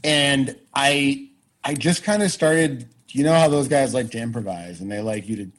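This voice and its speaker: A man telling a personal career story in casual chat on a podcast, animated, swearing freely and often restarting his sentences. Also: mid-range voice, normal speed, poor audio. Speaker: podcast guest.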